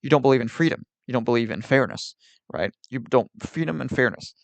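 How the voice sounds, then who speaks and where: A man's voice: mid-range voice, expressive, brisk, gravelly, dry recording. Exasperated man ranting at his stream chat. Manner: exasperated, argumentative, repetitive. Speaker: livestreamer.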